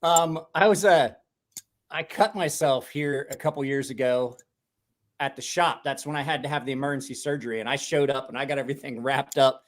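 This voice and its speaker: A man's voice: medium pitch, brisk. A man chatting on a livestream, telling rambling, swear-laden stories. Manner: rambling storyteller, swears freely. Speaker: livestream co-host. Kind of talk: casual chat.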